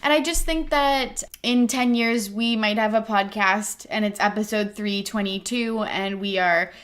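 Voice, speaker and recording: A woman's voice: medium pitch, a little slow, a bit bright. A young adult woman hosting a podcast in casual chat, filling her talk with "like" and "yeah" and laughing as she goes. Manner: chatty, frequent "like" and "yeah", laughs mid-sentence. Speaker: podcast host.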